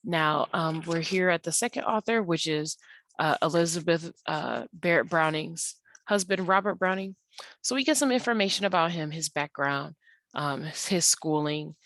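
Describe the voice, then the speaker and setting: Low-voiced woman teaching a patient lesson. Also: animated, normal speed, a bit bright, dry recording. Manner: patient, explanatory, with frequent ums and uhs. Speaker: English teacher. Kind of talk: online tutorial walkthrough of slides.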